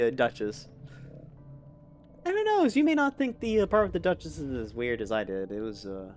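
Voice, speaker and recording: A man's voice: mid-range voice, very animated, normal speed, pauses often, a little hiss or hum. A man giving casual, rambling commentary as he plays a video game, chatty and self-amused. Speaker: let's play host.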